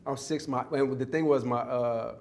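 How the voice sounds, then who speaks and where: A man's voice: mid-range voice, fairly even intonation, normal speed, creaky, darkish tone. Man telling a childhood story, rambling. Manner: rambling, restarts often. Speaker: interview guest. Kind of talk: casual interview storytelling. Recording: played clip.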